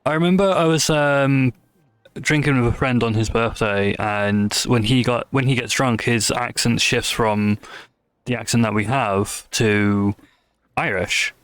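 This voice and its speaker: A man's voice: medium pitch, fairly even intonation, measured pace, fairly bright tone, clear, resonant tone, dry recording. Wry man with dry close sound. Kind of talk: casual chat while gaming on stream.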